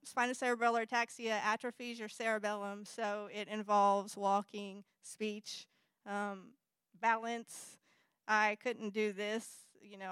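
A woman tells her personal story to an audience, stopping and correcting herself as she goes. Her voice is smooth and clear at a middle pitch. The sound is dry and close. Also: fairly bright tone, dry recording. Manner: earnest, halting, self-correcting, apologetic. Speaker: speaker sharing personal testimony. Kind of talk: personal testimony talk. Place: presentation with slides in front of an audience.

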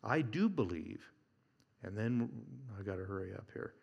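A man preaching a sermon, conversational and humorous, swinging from loud emphasis to hushed near-whispers and chuckling at his own points. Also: lowish voice, lively intonation, moderate pace, gravelly, breathy edge, highs cut off.

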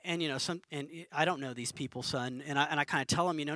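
A man's voice: fairly high pitch, fast talker, sharp tone, no room sound. A man preaching a conversational sermon as pastor, earnest and informal, often restarting and repeating words.

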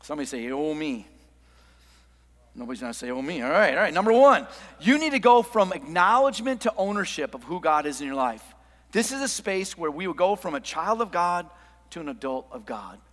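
A pastor preaches in a fairly high voice, dropping to quiet asides and then building to loud, emphatic declarations. His words ring out with the long reverb of a large hall. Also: big pitch swings, brisk. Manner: preaching with big swings from hushed to loud. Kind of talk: sermon.

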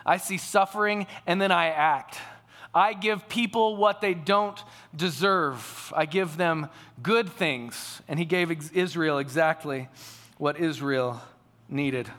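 A man's voice: a little high, takes it slowly, fairly bright tone. A man preaching a sermon to a congregation, telling a family story in a conversational way. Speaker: pastor.

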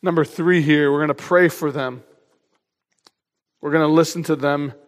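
A man preaching a sermon as pastor, energetic and humorous in a conversational way. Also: on the high side, normal speed. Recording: long hall reverb.

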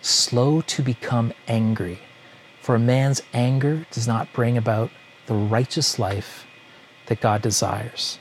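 A man's voice: medium pitch, steady tone, slow pace, soft background music, poor audio. Man preaching with rhetorical questions. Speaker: pastor. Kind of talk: sermon.

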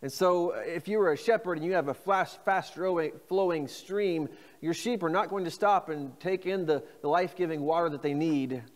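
A man preaching a sermon as pastor, reading scripture phrases slowly and inviting the congregation to repeat them. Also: on the high side, big-room sound. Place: church.

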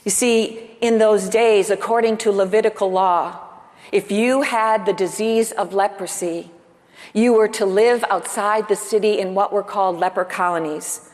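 Woman, pastor, sermon, earnest, rhetorical questions, mid pitch, long church reverb. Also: fairly even intonation, measured pace, darkish tone.

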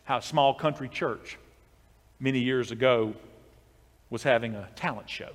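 A pastor telling a long story in a sermon, in a conversational way with many restarts. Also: male voice, medium pitch, moderate pace, in a large hall.

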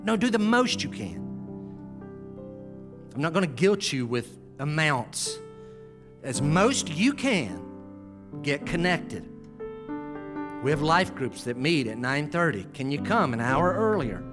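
A man preaching a sermon as pastor, earnest and pleading. He climbs to urgent exhortation, then sinks to a hushed, quiet tone as he calls for bowed heads. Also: fairly high pitch, sing-song, slow pace, pauses often, music in the background.

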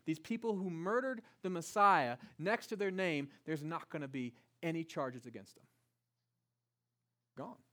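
A man's voice: high-pitched, a bit bright. A man preaching a sermon to his congregation, asking rhetorical questions and pressing his points with rising emphasis. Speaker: pastor.

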